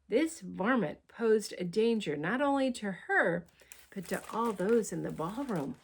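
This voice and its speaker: A woman reading a picture book aloud in an expressive, unhurried storytelling manner, with soft asides to the listener. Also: medium pitch, creaky, husky. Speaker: storybook reader.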